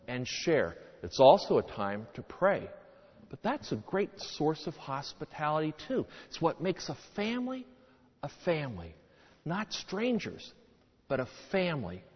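A man's voice: a little high, slightly rough. A man preaching a sermon in a church, speaking emphatically with many rhetorical questions. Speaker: priest. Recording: dull sound, long church reverb.

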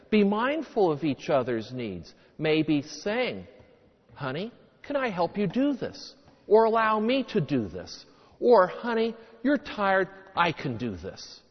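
Male priest, animated sermon delivery, echoing church with long reverb, muffled sound. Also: on the high side. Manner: lively, rhetorical questions, emphatic.

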